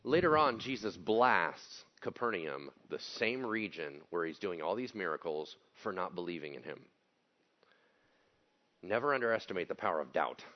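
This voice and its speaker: A man's voice: low voice, highs cut off. A man preaching a sermon as pastor, talking casually and bluntly and acting out the people he quotes.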